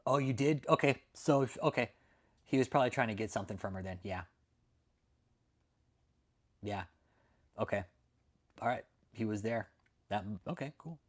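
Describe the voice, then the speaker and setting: Pausing often, a young adult man hosting a channel tells a story to his viewers at normal speed in a medium-pitched voice. His delivery is a brash, profane, casual rant.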